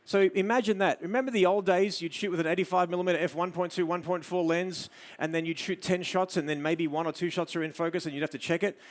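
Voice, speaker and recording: Australian male presenter, fairly high voice, live photo demo, drops to soft murmurs when directing the model. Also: fairly even intonation, fast talker, few pauses. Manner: coaxing a model with soft murmured praise between explanations. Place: studio demo before an audience.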